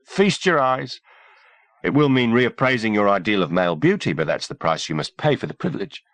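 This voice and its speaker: A man voicing a gruff, sarcastic army sergeant in his mid-thirties who trades growling banter. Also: mid-range voice, sing-song, fairly quick, a bit bright, no room sound, voice pushed up. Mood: mocking.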